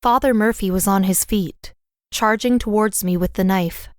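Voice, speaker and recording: A woman narrating a fantasy audiobook in the first person, with a smooth, clear reading voice. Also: medium pitch, normal speed, a little mellow, no echo, studio quality.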